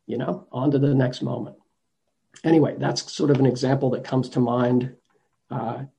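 Middle-aged guy teaching meditation on a video call, gravelly and mellow, soft halting delivery. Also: medium pitch. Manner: gentle, reflective, halting with restarts. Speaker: dharma teacher. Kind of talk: dharma talk on a video call.

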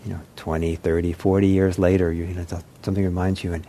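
A man with a lowish, mellow voice gives an unhurried meditation talk. He talks in a gentle, reflective way, pausing often and restarting his sentences. A faint hiss sits underneath him. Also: flat delivery. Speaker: meditation teacher. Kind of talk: unscripted dharma talk.

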